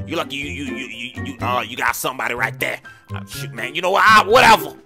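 A man roleplaying a car seller in a game, talking loud and argumentative in street slang. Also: mid-range voice, fast, faint music behind.

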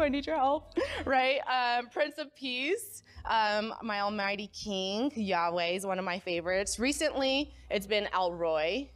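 A young adult woman speaking at a young adults' church gathering, telling her story in a casual, conversational way and often checking in with the crowd with "right?". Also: mid-range voice. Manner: engages the audience, asks them to call out. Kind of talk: personal testimony talk.

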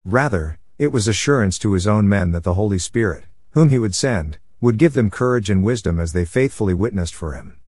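A man reading a Bible study commentary aloud in a steady, measured way, with no fillers. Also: lowish voice, no echo, studio quality.

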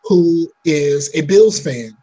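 A man's voice: fairly high pitch, animated, slow pace, dark tone. A man co-hosting a podcast in casual chat, talking bluntly with joking trash talk and rambling, restarting his sentences. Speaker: podcast co-host.

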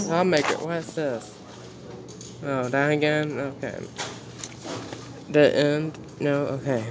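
A man giving casual commentary while reading news headlines aloud, exclaiming often and repeating himself in outrage. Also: on the high side. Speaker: commentary vlogger.

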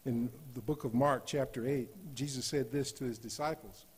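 Husky-voiced preacher in church. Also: male voice, mid-range voice, fairly even intonation, normal speed. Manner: rises to loud emphatic scripture reading, drops to soft asides. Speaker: guest preacher. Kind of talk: sermon. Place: church sanctuary.

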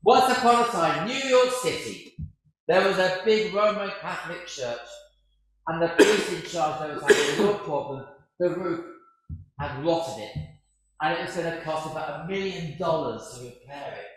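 A man's voice: a little high, lively intonation, moderate pace, a bit bright. A man preaching a sermon, a chatty, self-deprecating storyteller. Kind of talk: sermon with humour. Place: large church. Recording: very echoey church.

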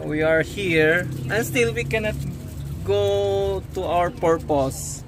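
A man giving halting, slow commentary for a family vlog outdoors by a car in the rain. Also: high voice. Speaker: family vlogger. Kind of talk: casual family vlog narration.

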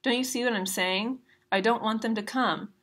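A woman's voice: on the high side, normal speed, fairly bright tone. A woman reading aloud the lines of a tearful, defensive teenage girl in a novel.

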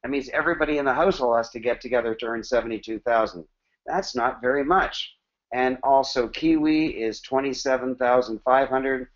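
Male motivational speaker in his forties, emphatic, rhetorical, mid-pitched, slightly dull lo-fi recording. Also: a little fast. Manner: emphatic, rhetorical questions, punchy repetition. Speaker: business presenter. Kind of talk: motivational workshop presentation.

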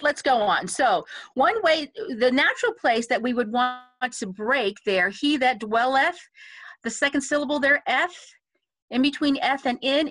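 Vocal coach, woman, fairly high voice, patient and instructive, dry video-call audio. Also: fairly bright tone, dry recording, poor audio. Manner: patient, instructive, speaks sung lyrics in a measured way. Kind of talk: music lesson, talking through song phrasing. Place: home setup on a video call.

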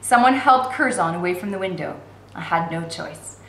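A woman's voice: on the low side, normal speed, reverberant, a little hiss or hum, rough recording. Woman reading a novel aloud. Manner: steady, expressive reading. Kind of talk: read-aloud narration.

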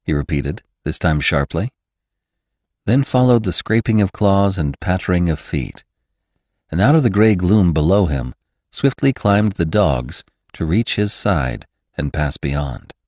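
Deep male narrator for classic fiction; measured and expressive, very low voice with lively rise and fall, dry close sound. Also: no echo. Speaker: narrator and podcast host. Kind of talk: scripted audiobook narration.

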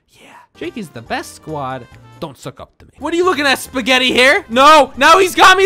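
An excitable gameplay commentator who jokes, laughs and often shouts while narrating a game. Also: medium pitch, normal speed, faint music behind. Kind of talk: let's-play commentary.

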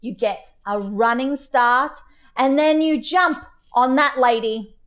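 A self-assured storybook lion coach, put on by a woman reader, dry and unimpressed as he hands out lessons. The voice sits fairly high and moves unhurried, every instruction deliberate. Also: fairly bright tone, muffled recording. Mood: instructing.

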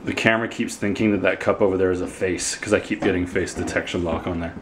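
A man's voice: low voice, fairly even intonation, fast talker, noisy background. A young man filming a casual family vlog at home on a handheld camera, joking around and cooing at his little sons. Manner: playful, silly voices, baby talk to his sons. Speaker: vlogger dad.

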